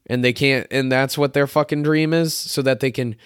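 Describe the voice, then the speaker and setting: A hoarse young man hosting a solo podcast from his bedroom, ranting in a frustrated, profane way and mocking others in put-on voices. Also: medium pitch, steady tone, normal speed, no room sound, clean studio sound. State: sick and tired, hoarse.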